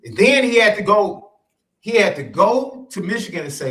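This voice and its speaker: A high-pitched man at a moderate pace co-hosts a casual sports podcast conversation, animatedly hammering home his points through repetition.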